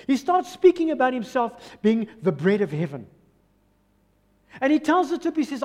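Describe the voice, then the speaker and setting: Animated South African preacher in a reverberant hall. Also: male voice, extremely high pitch, moderate pace. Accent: South African English. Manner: animated preaching, acting out voices of crowds and doubters. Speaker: pastor. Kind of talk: sermon. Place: church hall.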